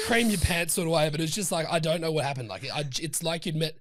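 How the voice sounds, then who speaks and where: Young Australian male co-host, lively swooping delivery, slangy and self-deprecating. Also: fairly high pitch, quick pace, few pauses, dry recording, clean studio sound. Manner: animated, self-mocking storyteller with broad slang. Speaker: podcast co-host. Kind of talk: casual chat.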